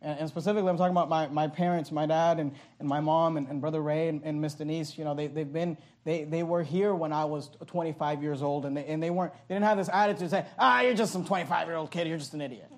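A man preaching from the pulpit in a high, bright-edged voice. He delivers his sermon with passion and keeps restarting his phrases in quick bursts. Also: fairly even intonation. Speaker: pastor.

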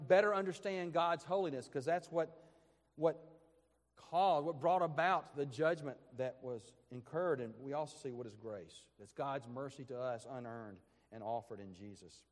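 The pastor's voice sits fairly high and moves at a normal speed as he delivers a morning-service sermon. He preaches with earnest emphasis and repeated phrases, recorded amid the long reverb of a church sanctuary.

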